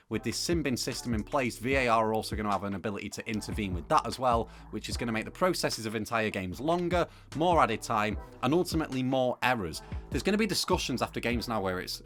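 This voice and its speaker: A man's voice: mid-range voice, a bit bright. A young man presenting a football opinion piece to camera, talking casually with plenty of fillers. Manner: conversational, opinionated, with frequent fillers.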